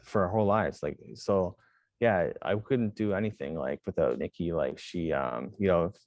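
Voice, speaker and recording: A man's voice: low-pitched, normal speed, a little mellow, no echo. A young man, a jiujitsu instructor, answering interview questions casually in a rambling way, full of fillers and restarts. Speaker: jiujitsu instructor and gym owner.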